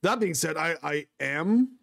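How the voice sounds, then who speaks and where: A man's voice: fairly high pitch, expressive, a little slow, creaky, fairly bright tone. A young man co-hosting a podcast in casual chat, backing up his co-host, laughing along and talking in earnest.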